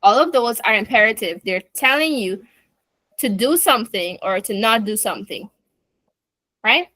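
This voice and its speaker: A woman's voice: fairly high pitch, lively intonation, moderate pace, bright, forceful tone, no room sound. A woman teaching an online class, explaining step by step with chatty asides.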